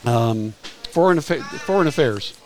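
A man's voice: medium pitch, animated, poor audio. An older man in his sixties tells stories from his career as a guest on a casual interview show. His mid-range voice moves at an easygoing pace, and he often stumbles and restarts his sentences. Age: 60s. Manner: halting, restarts phrases with frequent repeated words. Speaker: guest, retired music publicist. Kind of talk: casual anecdotal storytelling.

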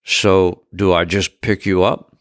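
A man's voice: sits low, level tone, takes it slowly, dry recording, studio quality. A man voicing a jealous wife who speaks bitterly and sarcastically. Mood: irritated sarcastic.

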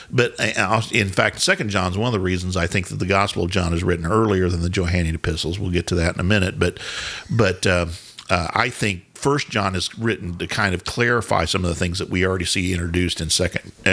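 A man's voice: deep voice, a bit bright. A man co-hosting a podcast, explaining Bible words in a casual teaching chat, often restarting his sentences and quizzing his co-host.

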